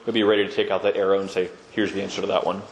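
A man's voice: low voice, flat delivery, rapid-fire, vocal fry, noisy background. A man giving a conversational sermon-style talk on Orthodox Christian living, acting out quoted voices as he goes. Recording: echoey room with long reverb.

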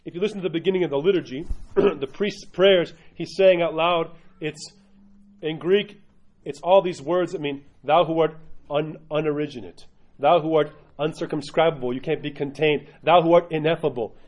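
Heard on a dull, lo-fi recording, a man with a somewhat high, slightly mellow voice teaches a religion class as an Orthodox Christian instructor. His pace is moderate but uneven, and he often stops to quiz the group.

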